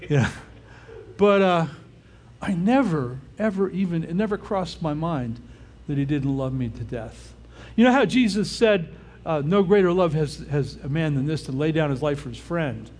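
An older pastor gives a casual, conversational sermon, often pausing to check in with his listeners. His voice is a little high and a little mellow, with lively intonation and a normal speaking speed.

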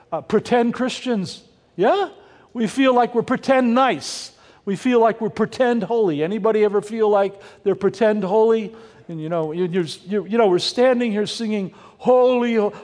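An older man delivers a Sunday sermon in a high, light voice. He keeps it conversational, tossing in puns and questions for the congregation. His words ring out with a long reverb through the church hall. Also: a little mellow. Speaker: pastor.

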